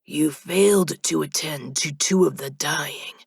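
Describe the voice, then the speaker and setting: A cold male death spirit speaking in a slow, flat monotone, low and hushed, as a woman narrator puts him on. His voice is husky and gravelly, recorded dry and close for an audiobook. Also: no echo, exaggerated voice.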